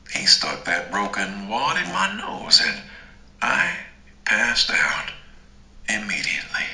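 A man narrating a first-person story in a slow, dramatic, deliberate way. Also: low voice, bright, forceful tone, echoey room, rough recording. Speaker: audiobook narrator.

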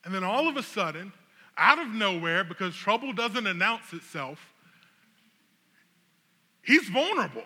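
A high-pitched man with a very bright, sharp tone tells an animated, humorous story as a sermon illustration. His voice rings out with the long reverb of a large hall, like a pastor preaching from a stage. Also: moderate pace.

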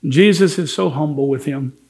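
A man's voice: on the high side, moderate pace, a little mellow. A man preaching a sermon as pastor, earnest and emphatic, acting out the words of biblical figures in quotes.

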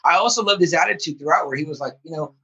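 A man hosting a casual podcast chat, lively and often acting out scenes in quoted voices. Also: a little high, rapid-fire, lo-fi sound.

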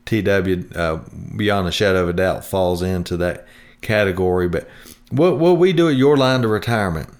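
A man's voice: low-pitched, moderate pace. A man hosting a retirement planning show in a chatty, homespun way, rambling with restarts. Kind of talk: folksy radio talk.

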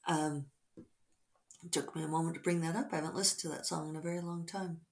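A middle-aged woman author talking casually over morning coffee, reflective and rambling with soft fillers. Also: low-pitched, steady tone, fast.

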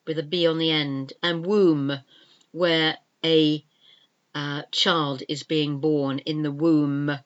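A woman's voice: deep voice, flat delivery. An older woman teaching English spelling, saying each word again and again and spelling it out letter by letter. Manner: slow, careful, repeats each word several times. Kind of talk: spelling lesson, spelling words out letter by letter. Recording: dull lo-fi sound.

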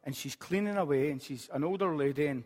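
A man in his late forties preaches with a slightly raised voice, telling a story with quick humorous asides. His words ring out with a long reverb, as if in a large hall. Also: a little high, darkish tone. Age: late 40s. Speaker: pastor. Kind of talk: sermon.

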